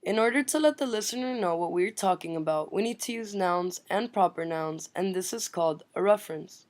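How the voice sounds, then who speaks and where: A woman's voice: on the low side, animated, a little fast, a little mellow. A woman student reading her part of a class presentation, explaining terms.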